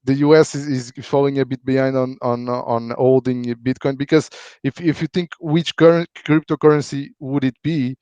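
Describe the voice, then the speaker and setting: A man of ordinary pitch speaks haltingly, repeating words and filling pauses with "uh". It is casual stream chat. The sound is dry and lo-fi. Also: fairly even intonation, darkish tone, clean tone, no echo. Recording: dry, dull lo-fi audio.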